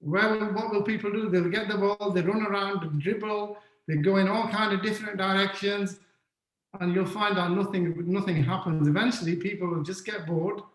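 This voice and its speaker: Guy with a fairly high voice teaching a webinar, keeps asking the audience stuff, echoey room. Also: steady tone, normal speed. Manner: questions the audience often, repeats key points. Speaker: webinar speaker on leadership. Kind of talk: interactive online lecture.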